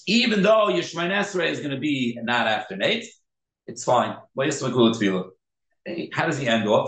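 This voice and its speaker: A man's voice: fairly high pitch, fairly bright tone. A man giving a Talmud class, explaining texts and mixing in Hebrew terms. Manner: explanatory, switching between English and Hebrew terms. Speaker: Torah teacher. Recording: echoey room.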